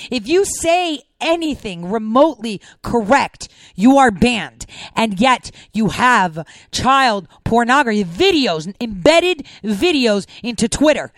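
Outraged woman with a high, dry voice. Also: sing-song, unhurried, dry recording. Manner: emotional, outraged, repetitive. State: near tears. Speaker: commentator. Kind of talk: impassioned monologue.

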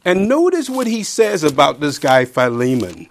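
Animated preacher with big swings. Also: male voice, on the high side. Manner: lively, swings between loud emphatic peaks and quiet near-mumbled asides; reads scripture aloud slowly and deliberately. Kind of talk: sermon.

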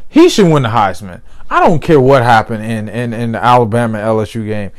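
A man's voice: mid-range voice, sing-song, brisk, few pauses. A man hosting a casual solo podcast, laid-back, repeating his phrases and laughing easily. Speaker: podcast host. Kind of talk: casual solo sports and news chat.

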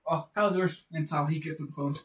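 A man chatting casually with friends, excitable, laughing loudly and jumping in. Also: a little high, a little fast, echoey room. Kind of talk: casual chat among friends. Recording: distant mic with faint noise.

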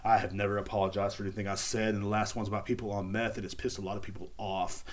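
A man's voice: on the low side, little pitch movement, fast. A man hosting a solo podcast, rambling through a crude, sarcastic mock apology. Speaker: podcast host. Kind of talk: casual solo podcast monologue. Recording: music playing behind the voice.

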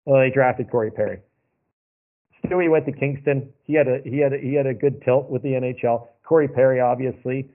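A man's voice: medium pitch, fairly even intonation, brisk. A man telling long, rambling hockey stories in a casual chat, repeating himself as he goes. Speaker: podcast guest. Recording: phone-like narrow sound.

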